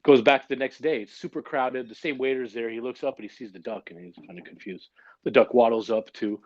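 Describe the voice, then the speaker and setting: Upbeat, quick-talking man hosting. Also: mid-range voice, darkish tone, dry recording, highs cut off. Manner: upbeat, informal, jokey. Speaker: host of a religious gathering. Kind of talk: casual livestream announcing. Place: online livestream.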